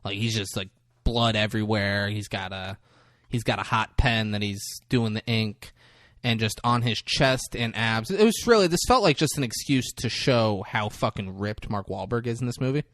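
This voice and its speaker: On a podcast he co-hosts, a man with a lowish voice walks through a film scene by scene at a moderate pace, performing the characters' lines and laughing a lot. It's a relaxed, animated chat captured in a studio with no room sound.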